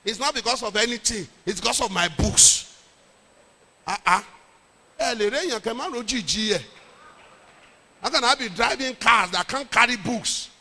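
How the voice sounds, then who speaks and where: A middle-aged Nigerian man, a pastor, telling a lively story in a sermon with jokes and pidgin. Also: very high voice, moderate pace, pauses often, big-room sound.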